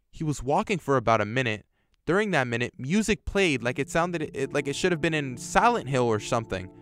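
A man's voice: medium pitch, a bit bright, no echo, clean studio sound. A man casually reads a horror story aloud and adds his own reactions, sometimes swearing. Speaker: YouTube storyteller. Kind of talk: reading a horror story with commentary.

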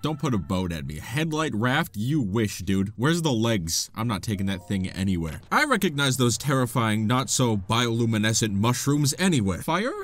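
A man's voice: medium pitch, fairly bright tone. Goofy guy narrating his game, sarcastic, voice jumps around a lot. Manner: playful, sarcastic, laughs often. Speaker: gaming YouTuber. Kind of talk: gameplay commentary.

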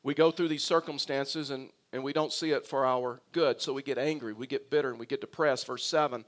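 A man's voice: mid-range voice, fairly even intonation, brisk. A male pastor preaching a sermon, earnest and emphatic, building his points through repeated phrases.

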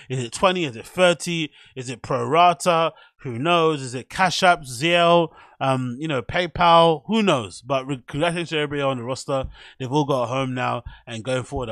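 A man's voice: mid-range voice, fairly bright tone, no room sound, studio quality. A man hosting a casual solo podcast, chatty and self-mocking. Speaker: podcast host.

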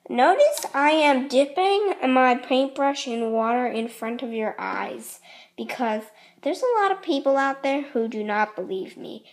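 A woman hosting a casual craft tutorial, chatty and rambling, often apologizing as she explains. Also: a little high. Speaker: art tutorial host.

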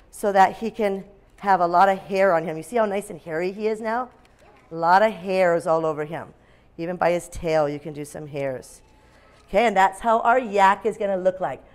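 A woman teacher leading a phonics lesson for young children, speaking in an animated, sing-song way and breaking into dramatic shouts. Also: medium pitch.

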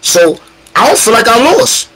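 A man chatting casually on a livestream as a battle rapper guest, animated, profane and combative, teasing the chat directly. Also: very high-pitched, a little slow, breathy edge.

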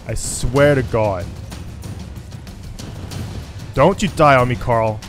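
A man's voice: medium pitch, moderate pace, faint music behind. A man giving let's play commentary on a stealth shooter game, frustrated and swearing at it, with chatty asides. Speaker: gaming YouTuber.

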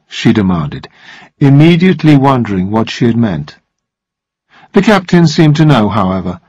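A man narrating a story aloud for English listening practice, with a measured, expressive delivery. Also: mid-range voice, no echo, lo-fi sound.

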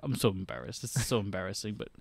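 A man's voice: lowish voice, expressive, rapid-fire, vocal fry, slightly rough, dry recording, voice pushed down, full character voice. A man voicing a fussy, campy male assassin doctor in a put-on foreign accent. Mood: embarrassed.

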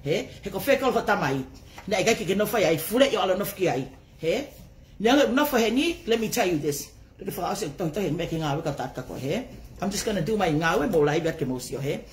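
Woman, rapid-fire angry livestream rant, profane, heated, mixing English and Tongan, faint hum behind. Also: medium pitch, expressive. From not raised in Tonga.

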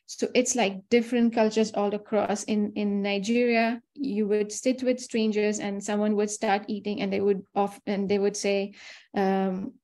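A woman's voice: medium pitch, mellow. A woman from India giving a personal webinar talk, chatty and storytelling, acting out the people she quotes. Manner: chatty storyteller who acts out quoted dialogue. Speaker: webinar speaker.

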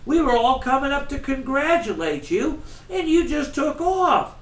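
A man's voice: very high voice, very animated, a little slow, voice pushed up, exaggerated voice. A man reading as an earnest teenage boy. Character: friendly teenage boy, hurt and puzzled. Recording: roomy, from far off.

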